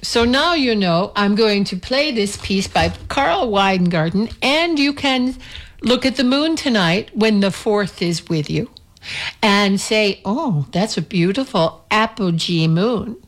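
A woman's voice: medium pitch, animated, slow. A middle-aged woman hosting a radio music show, chatting in a meandering way with small self-corrections before introducing a track.

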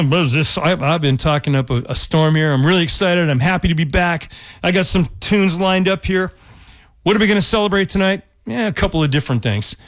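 A man hosting a community radio show in a studio, talking casually in a rambling, jokey way with restarts and laughs. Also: a little high. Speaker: radio DJ host.

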